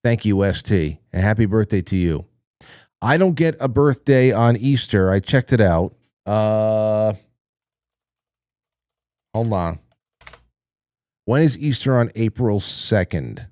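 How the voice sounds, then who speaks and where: A man's voice: on the low side, expressive, slow, pauses often, darkish tone, no echo, studio quality. A man hosting a casual livestream, reading viewer messages aloud and rambling through his thoughts with fillers and restarts. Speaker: talk show host reading chat messages.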